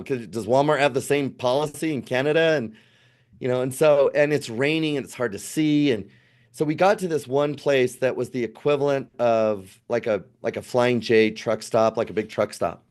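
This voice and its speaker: A man in his fifties, a podcast guest telling a family travel story in a casual, animated way, acting out what people said. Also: medium pitch. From United States. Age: 50s.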